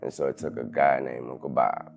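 A man in his thirties, an interview guest telling a painful personal story in halting sentences full of restarts. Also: rumbling low, level tone, faint music behind. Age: 30s. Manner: halting, restarts sentences, loud when quoting others.

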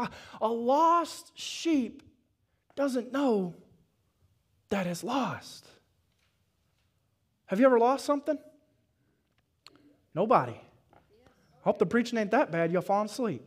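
A man with a Southern US accent preaching a sermon at a church service, telling folksy stories and building up to shouted calls to his congregation. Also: high voice, breathy edge. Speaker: pastor.

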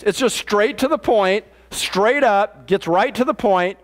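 A man's voice: high-pitched, unhurried. A pastor delivering a conversational sermon in a plain-spoken, matter-of-fact way, often restarting his sentences. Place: church.

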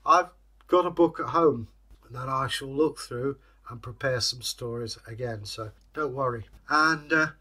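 Male storyteller, channel host, bright voice, chatty, rambling, filler pauses. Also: medium pitch, breathy edge. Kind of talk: folktale storytelling, casual sign-off.

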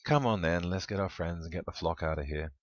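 A man's voice: low-pitched, a little fast, no echo, dull audio, lightly acted. A man doing a sardonic, irritable sheepdog. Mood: irritated. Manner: irritated, sarcastic.

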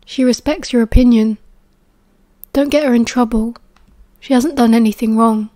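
Woman reading as a weary, calm British schoolboy. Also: fairly high pitch, no echo, close to an everyday voice. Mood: pleading. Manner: soft, tired and measured. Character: weary, calm teenage boy wizard.

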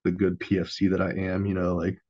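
A man's voice: deep voice, completely flat delivery, brisk, dark tone, dry recording. A man in his thirties, a podcast guest and former Marine, telling a story in a laid-back, profane, casual way. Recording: dull lo-fi audio.

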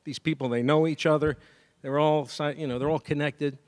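A man giving a graduation speech as a saxophonist, telling a story lively and scatting melodies. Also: a little high, a little fast. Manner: lively storyteller who scats melodies and acts out dialogue. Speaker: commencement speaker and saxophonist. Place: university degree ceremony.

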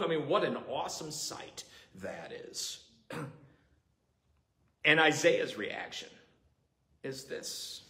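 A man's voice: sits high, animated, slow pace, pauses often, sharp tone. A man preaching an earnest, emphatic sermon as a pastor, repeating key points. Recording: roomy echoing hall.

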